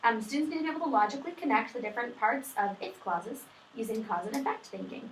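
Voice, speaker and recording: A woman's voice: a little high, fast. A young woman, a student, casually summarizing her reading for a study group, chatty and full of fillers and self-deprecating asides. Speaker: student presenter. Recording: echoey room, distant mic, faint noise.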